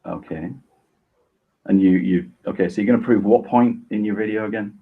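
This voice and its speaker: A man arguing on a video call in a sarcastic, measured, defensive way. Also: lowish voice, creaky, breathy edge, phone-quality sound. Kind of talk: heated online argument.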